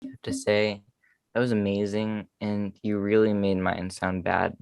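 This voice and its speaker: A man's voice: on the low side, a little slow, creaky, smooth, no echo. A man from the United States co-hosting a fan show, chatting casually and joking about himself. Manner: self-deprecating, animated, lots of fillers. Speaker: podcast co-host. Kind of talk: casual chat.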